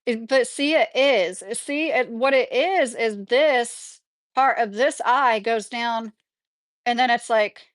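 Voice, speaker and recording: A woman with a slightly high voice hosts a casual live chat. She talks back to her viewers' comments in a loose, chatty way and laughs often. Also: takes it slowly. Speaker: livestream host reading viewer comments.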